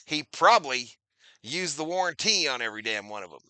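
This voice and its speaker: A man's voice: medium pitch, lively intonation, brisk, pushed and bright, no room sound. A middle-aged man hosting a live watch-party stream, chatting casually, reading viewer comments aloud and calling plays as they happen. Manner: chatty, reads viewer comments, repeats phrases, addresses chat as y'all.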